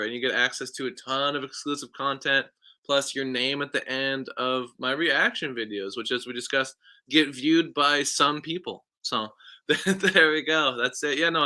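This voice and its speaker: A man's voice: a little high, pushed and bright. A man from Canada, a guest musician and streamer, chatting in an easygoing way and laughing often. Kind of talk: casual interview chat.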